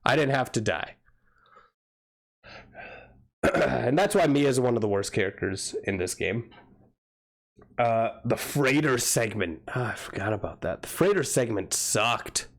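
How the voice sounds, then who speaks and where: Young male streamer, casual rambling commentary, crude humor, middle pitch. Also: expressive, unhurried. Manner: rambling, crude jokey asides. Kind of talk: casual livestream game commentary.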